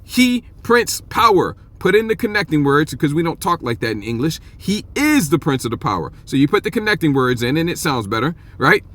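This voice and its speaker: A man teaching from the Bible in an informal, emphatic way, often checking in with "okay?" and reading verses slowly and drawn out. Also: on the high side, very animated, a bit bright. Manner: reads scripture aloud slowly and stretched out.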